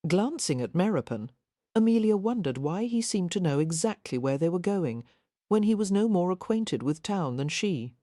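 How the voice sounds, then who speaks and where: In this scripted narration, a female audiobook narrator tells the story at an even, deliberate pace. Her voice sits on the low side, and the studio-quality audio is dry.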